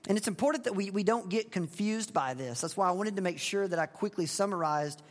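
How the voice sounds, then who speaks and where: A man's voice: high-pitched, a little fast. A male pastor giving a conversational expository sermon, asking the congregation questions. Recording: long hall reverb.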